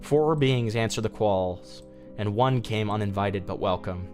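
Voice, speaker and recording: A man's voice: on the low side, measured pace, a little mellow, faint music behind. A male streamer reading a fan story aloud casually, with asides and restarts.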